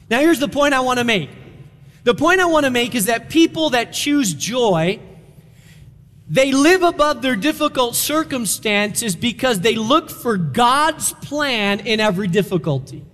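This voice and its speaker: A male pastor preaching an animated sermon, acting out quotes with emphasis. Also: very high-pitched, moderate pace, big-room sound.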